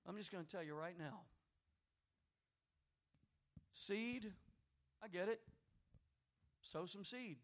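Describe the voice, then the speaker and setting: A male pastor preaching a sermon, telling a story quietly and then rising to loud, fervent exhortation. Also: sits high, slow pace, pauses often.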